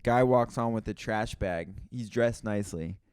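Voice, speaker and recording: A man co-hosting a casual comedy podcast, telling animated stories and swearing casually. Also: on the low side, moderate pace, clear, resonant tone, no room sound, clean studio sound. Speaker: podcast co-host.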